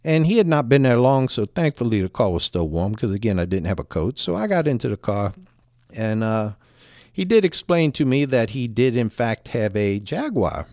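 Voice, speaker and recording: A man's voice: mid-range voice, big pitch swings, moderate pace, a little mellow, no room sound, clean studio sound. A middle-aged man telling a personal story in a rambling, casual way with many restarts.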